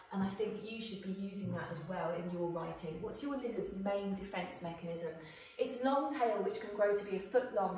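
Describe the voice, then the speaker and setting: Woman, schoolteacher, clear explaining voice, asks pupils questions, roomy echo. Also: mid-range voice, distant mic. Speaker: primary school teacher. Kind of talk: recorded video lesson. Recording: echoey room, voice off-mic.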